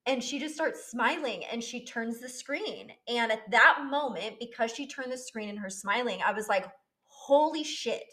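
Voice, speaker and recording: A woman's voice: fairly high pitch, normal speed, few pauses, bright, forceful tone. A young woman telling a personal story on her vlog, candid and emotional, swearing freely. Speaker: vlogger.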